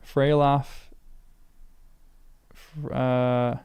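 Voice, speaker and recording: A man's voice: medium pitch, flat delivery, drawn-out words, a little mellow, clear, resonant tone. A man reading a book aloud for the first time, stumbling over names and stopping to muse about pronunciation.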